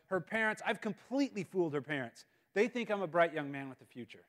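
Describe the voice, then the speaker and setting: A man giving a guest talk at a school, telling a funny personal story in an animated, self-mocking way. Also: high-pitched, quick pace. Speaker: guest speaker. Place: school auditorium. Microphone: live-stream mic.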